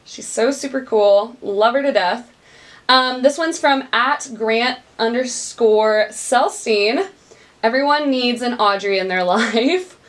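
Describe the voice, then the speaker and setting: A woman's voice: a little high, slow, fairly bright tone. Bubbly young woman podcast host. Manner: bubbly, upbeat, laughs often, addresses listeners as "you guys" and "y'all". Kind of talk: casual solo podcast chat. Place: small recording studio.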